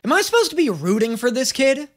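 A male reaction host riffing on an anime with incredulous jokes. His pitch moves around a lot and his delivery is casual. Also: fast, heavy background noise. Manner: animated, joking, incredulous.

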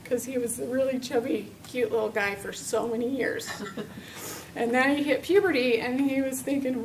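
A woman's voice: sits high, moderate pace, distant mic, slight background noise, rough recording. A middle-aged woman giving an earnest personal testimony as a parent specialist, telling a story with many fillers.

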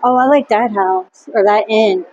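A woman's voice: mid-range voice, a little slow, a little mellow, highs cut off, a little hiss or hum. A woman in casual vlog chat at an indoor museum exhibit, eagerly pointing out small details. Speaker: vlog co-host.

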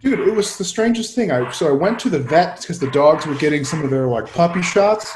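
A man's voice: on the high side, expressive, brisk, a little mellow, echoey room, a little hiss or hum. A man co-hosting a webinar, telling stories in a loose, rambling way with lots of filler words, over a video call. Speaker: co-host. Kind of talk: casual chat, storytelling.

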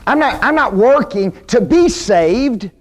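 A man teaching a Bible class sermon in a church, folksy and animated, often asking the class questions. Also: very high-pitched, unhurried. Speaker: preacher.

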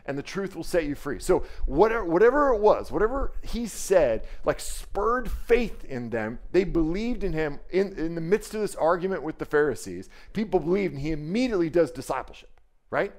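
A man preaching a sermon in a conversational, animated way, acting out quoted voices. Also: a little high, normal speed. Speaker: pastor.

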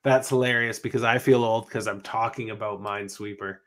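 A man's voice: lowish voice, fairly even intonation, brisk, fairly bright tone. A man hosting a casual podcast panel discussion, rambling, swearing freely and trailing off mid-sentence. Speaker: podcast host.

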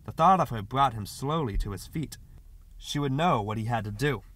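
A man reading a short story aloud as an audiobook narrator, in expressive scripted narration. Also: medium pitch, moderate pace.

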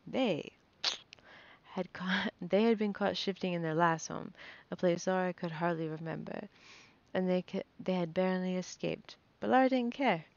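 A woman reads a fantasy novel aloud in a low, gravelly voice, nervously stumbling and restarting words. The recording sounds dull and lo-fi. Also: moderate pace, no room sound. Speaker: reader.

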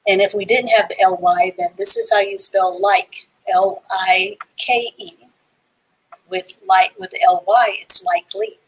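Husky woman reading teacher, slow and patient delivery, spells words out letter by letter for adult learners. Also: medium pitch, steady tone, rough recording. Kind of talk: live online reading lesson.

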